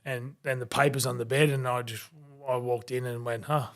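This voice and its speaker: A man's voice: medium pitch, brisk. A man in his forties with an Australian accent, a podcast guest telling stories and acting out the people in them. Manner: animated anecdotes, acting out quoted voices. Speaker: guest, former rugby league player. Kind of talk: storytelling in a podcast interview.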